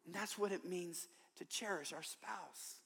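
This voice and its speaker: A man's voice: high voice, measured pace, vocal fry, bright, forceful tone, slightly rough, in a large hall. An older man preaching a sermon in a large church, telling stories with humor and emphasis. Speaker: conference speaker and author.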